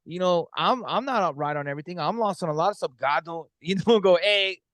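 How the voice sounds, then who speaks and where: Guy on a podcast, high voice, talks fast, dry sound, tells stories earnestly. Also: lively intonation, a bit bright, dry recording. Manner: earnest, storytelling with acted quotes. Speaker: podcast co-host. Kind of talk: casual chat.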